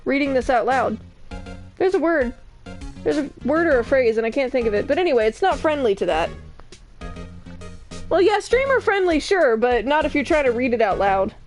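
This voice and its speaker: A woman's voice: sits high, sing-song, normal speed, pauses often, faint music behind. A woman streamer chatting in a self-deprecating way while playing through a story game. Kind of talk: game playthrough commentary.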